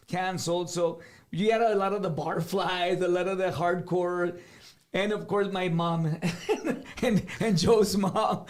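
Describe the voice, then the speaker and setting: Middle-aged singer, high voice, animated storyteller who slips into Spanish. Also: male voice. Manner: animated, switches between English and Spanish, acts out other people's lines. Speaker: singer, guest. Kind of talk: casual storytelling.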